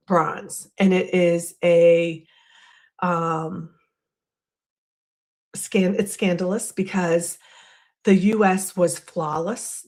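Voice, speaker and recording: A woman in her fifties hosting a live stream, chatting casually and rambling while she talks to her viewers. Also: mid-range voice.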